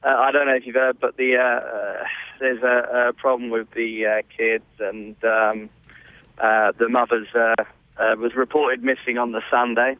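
A man's voice: mid-range voice, little pitch movement, moderate pace, no echo. A man calling in to a show, speaking hesitantly with many fillers. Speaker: caller, tabloid writer. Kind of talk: phone call. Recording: tinny phone line.

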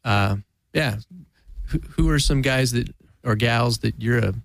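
A man's voice: medium pitch, a little slow, vocal fry, dry recording. A man talking as a guest musician in a casual interview, rambling and self-deprecating, laughing often.

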